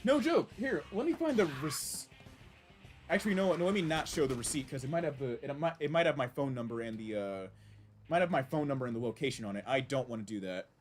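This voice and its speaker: A man's voice: mid-range voice, animated, quick pace, soft background music. A man casually chatting while streaming a game, rambling and reacting with many restarts. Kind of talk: casual live-stream commentary.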